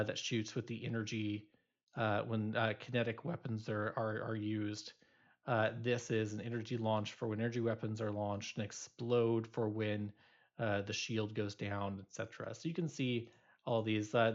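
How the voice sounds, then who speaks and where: A man's voice: lowish voice, flat delivery, normal speed, dull audio. Man explaining code in a lecture. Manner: loose explaining with many fillers and restarts. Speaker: instructor. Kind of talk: recorded programming lecture.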